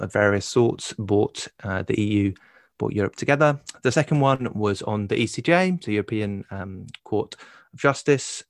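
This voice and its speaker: A man co-hosting a podcast from home, introducing the topic in a hesitant way with many pauses and restarts and some dry humor. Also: on the low side, no echo. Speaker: podcast co-host. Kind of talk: casual podcast discussion. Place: home in London.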